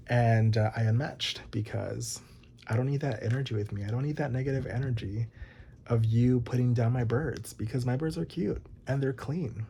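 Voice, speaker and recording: A man's voice: mid-range voice, moderate pace, creaky, warm tone, slight background noise. A young man chatting casually to his viewers, rambling and swearing, with lots of "like". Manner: rambling, swears often, many likes. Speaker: vlogger. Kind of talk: casual chat to camera.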